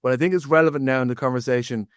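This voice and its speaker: A man's voice: medium pitch, fairly even intonation, very fast, clear, resonant tone, no room sound, clean studio sound. An Irish man hosting a sports podcast, chatting casually and jumping animatedly between points. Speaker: podcast host.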